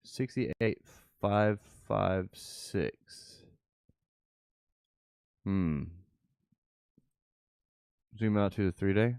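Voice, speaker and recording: Speaking very slowly with long pauses, a channel host offers casual live commentary on his crypto trades, muttering asides to himself. His lowish voice is creaky, slightly mellow, clear and resonant, and there's no echo.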